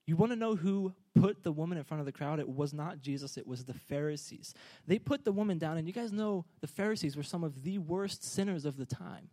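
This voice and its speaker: Man, preacher, sermon, high voice, energetic, playful, calls for responses. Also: fairly quick, few pauses. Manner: energetic, joking, urging the congregation to respond.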